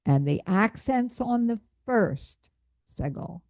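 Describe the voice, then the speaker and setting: Slow, patient woman Hebrew teacher. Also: on the high side, expressive, darkish tone, dry recording, clean studio sound. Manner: patient, slow, correcting pronunciation. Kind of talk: classroom lesson.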